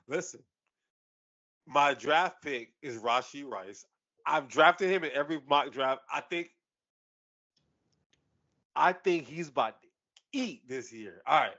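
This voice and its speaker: A man co-hosting a casual sports podcast, loud and animated, full of slang and quick laughs. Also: on the high side, lo-fi sound. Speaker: podcast co-host.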